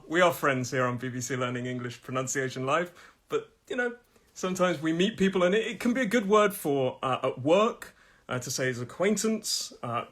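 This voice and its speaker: A man teaching English pronunciation on a live stream, friendly and chatty, laughing often and repeating words slowly for learners to copy. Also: a little high, a bit bright.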